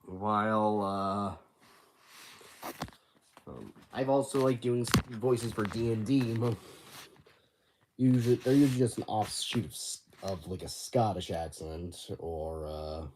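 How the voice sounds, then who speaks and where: Teenage boy, livestream host, rambling and halting, bedroom, faint noise behind. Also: fairly low pitch. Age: teens. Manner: rambling, halting, many restarts. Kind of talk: casual livestream chat.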